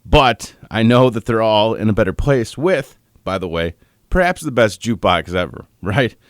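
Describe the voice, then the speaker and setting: A male radio host on his morning show, talking in a halting way and holding back tears, with pauses and restarts. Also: lowish voice, expressive, dry recording, studio quality. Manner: halting, choked up, pausing often. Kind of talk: on-air morning show tribute. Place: radio studio.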